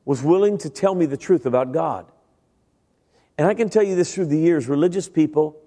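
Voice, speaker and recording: A man's voice: on the high side, dark tone. Middle-aged preacher telling his testimony in a hall. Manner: conversational storytelling, speaks directly to the congregation. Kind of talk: sermon with personal testimony. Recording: long reverb of a large hall.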